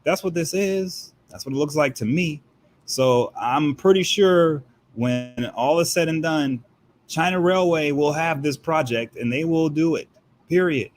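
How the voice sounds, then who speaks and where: A man with a fairly high voice gives heated political commentary as a guest. He talks emphatically, piling up rhetorical questions to drive his point home. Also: unhurried, a little hiss or hum.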